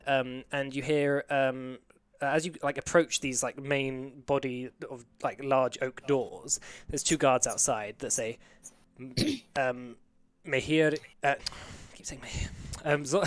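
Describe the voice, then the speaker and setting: A young man as game master, rambling through scene descriptions at a middle pitch, full of filler words. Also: a bit bright. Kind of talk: narrating a tabletop game.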